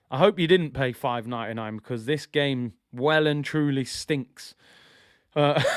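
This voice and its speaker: Young male streamer, live watch-along chat, slangy and excitable, higher voice, dry close mic. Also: smooth, no echo. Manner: excitable, nostalgic, slangy banter.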